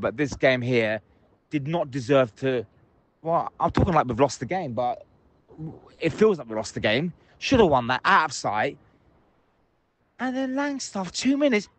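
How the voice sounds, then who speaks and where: Man, angry voicemail, heavy swearing, ranting, average pitch, out in public. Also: no echo. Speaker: caller leaving voicemails. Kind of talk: phoned-in voicemail rant. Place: out in public, at a train station.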